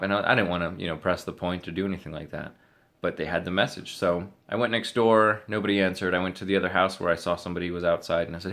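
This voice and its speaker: A man's voice: deep voice, steady tone, a little fast, vocal fry, a bit bright. A young man vlogging, casually retelling a story and acting out what other people said.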